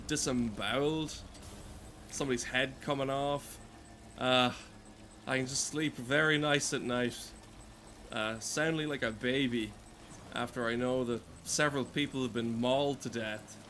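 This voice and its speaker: Brief: sardonic gaming commentator, a man, mid pitch, faint noise under his voice. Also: fairly bright tone. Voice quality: sweary, sardonic. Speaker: gaming streamer. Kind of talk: casual gameplay commentary.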